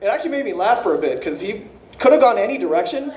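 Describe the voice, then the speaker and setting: A man doing an unrehearsed stand-up set, rambling and profane, with quick self-correcting asides. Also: sits high, big pitch swings, a little mellow, echoey room. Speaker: stand-up comedian.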